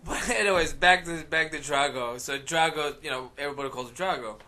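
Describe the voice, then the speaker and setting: A man and mixed martial arts fighter, telling an animated story in casual podcast chat and laughing often. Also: on the high side, brisk, a little hiss or hum.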